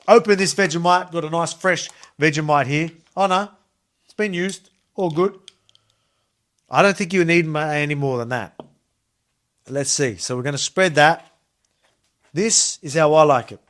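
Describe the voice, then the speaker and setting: A man's voice: on the high side, fairly bright tone. A man in his thirties with an Australian accent, chatting casually through a kitchen cooking demo in a rambling, enthusiastic way. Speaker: cooking video host.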